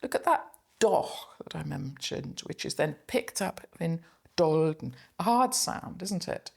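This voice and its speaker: Woman lecturer, middle-aged, gravelly, lively intonation, reflective poetry analysis. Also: low-pitched. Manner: reflective, reading German lines slowly.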